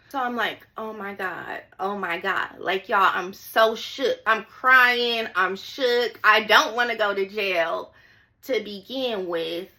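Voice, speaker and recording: Young woman with a sharp bright voice, spilling a story to her viewers, dramatic, keeps saying y'all. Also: medium pitch. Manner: dramatic, repeats phrases for emphasis. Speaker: storytime vlogger.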